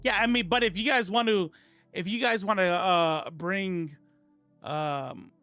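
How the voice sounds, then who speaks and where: A fairly high-voiced man talking casually on a live stream about politics, sarcastic and rambling as he answers viewer comments. Faint music plays quietly under his voice. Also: unhurried, no echo. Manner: sarcastic, rambling, reads chat aloud.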